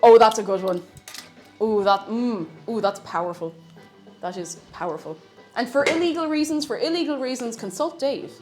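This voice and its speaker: Lively Irish woman chatting as she cooks. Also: on the high side, moderate pace, faint music behind. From Ireland. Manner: chatty, giggly, reads chat aloud. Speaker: streamer. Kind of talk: casual live-stream chat while cooking. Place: home kitchen.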